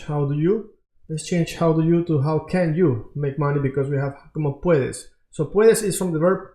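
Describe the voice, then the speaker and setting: A man teaching an online Spanish lesson, who explains slowly and keeps checking in with the viewer. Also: fairly high pitch, darkish tone, roomy sound.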